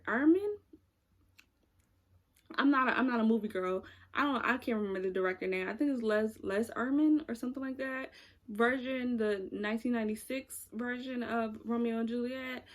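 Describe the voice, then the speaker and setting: A young woman vlogger chatting casually about movies she watched, rambling and searching for words with frequent fillers. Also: a little high. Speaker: YouTuber reviewing movies. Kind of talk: casual chat.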